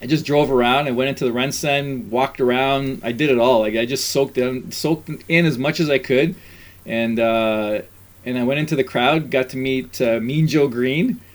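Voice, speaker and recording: A middle-aged man telling stories in a casual chat, animated, laughing often and acting out what people said. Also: mid-range voice, normal speed.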